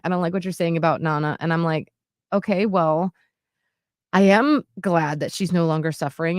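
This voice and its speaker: A woman in her late thirties with a voice on the low side co-hosts a podcast, telling a personal story in a casual chat. She comes across as earnest and heartfelt, with frequent "like"s and restarts. The studio sound is clean with no echo.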